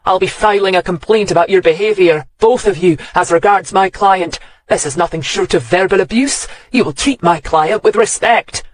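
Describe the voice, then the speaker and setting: A shrill, prickly Scottish solicitor bristles with prim outrage, as a male narrator puts her on. Her voice is pitched high and screechy, and the studio sound is close and dry, with no room around it. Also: moderate pace, few pauses, no room sound. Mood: outraged. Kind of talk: audiobook character voice.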